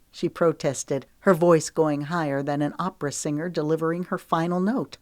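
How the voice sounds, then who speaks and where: A woman narrates a novel in an even, measured storytelling voice. Her pitch sits on the low side, and the recording is dry and close, with no room sound at all. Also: dry recording. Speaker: audiobook narrator. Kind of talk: scripted narration.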